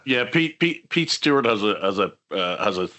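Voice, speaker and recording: A man's voice: fairly low pitch, animated, normal speed, bright, forceful tone. A man co-hosting a casual podcast chat, cutting in with blunt remarks. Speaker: podcast co-host.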